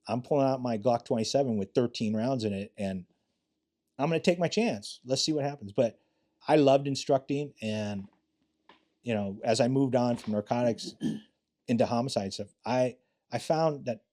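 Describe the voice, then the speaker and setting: A mellow, mid-range male voice belongs to a former police officer in his late fifties. Sitting for a casual interview, he acts out quotes while sharing blunt stories laced with profanity.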